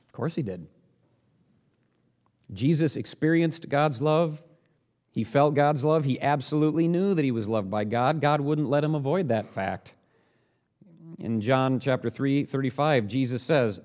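Male preacher, earnest sermon, rhetorical questions, rising to loud emphasis. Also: medium pitch, normal speed. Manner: earnest, rhetorical questions, swells louder on key points.

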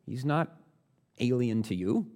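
Here a medium-pitched, expressive preacher takes a measured pace through his sermon. He is earnest and direct, asking the congregation questions and rising louder on key points.

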